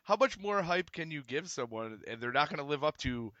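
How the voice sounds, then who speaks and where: Bright-voiced male podcast host. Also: on the high side, animated, fairly quick, dry recording, lo-fi sound. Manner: laughing, joking banter. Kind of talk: casual chat.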